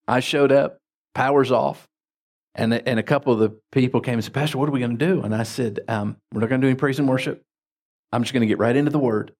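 A man preaching as a pastor, telling folksy stories with lively jumps in his voice. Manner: folksy, animated anecdotes with sudden pitch jumps. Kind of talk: sermon with storytelling.

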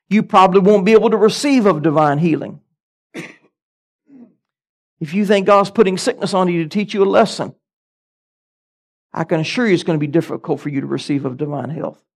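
A middle-aged man, a pastor, preaching a sermon with emphatic delivery and frequent amens. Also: sits high.

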